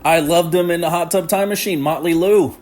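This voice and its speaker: A man's voice: a little high, steady tone, brisk, darkish tone. A man hosting a casual solo podcast, rambling and laughing often as he talks with lots of slang. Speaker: podcast host.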